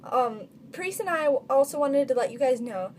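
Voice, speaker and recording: A woman's voice: high-pitched, lively intonation, normal speed, a little hiss or hum. Chatty teen girl, lots of "like". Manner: chatty, constant filler "like". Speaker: vlogger. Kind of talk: casual storytelling vlog.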